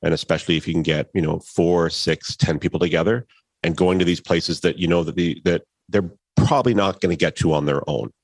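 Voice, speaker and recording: A man with a husky voice, a podcast guest talking about travel in an easygoing, reflective way. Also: low-pitched, steady tone, fairly quick, no room sound. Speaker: podcast guest, company CEO. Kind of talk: casual conversation.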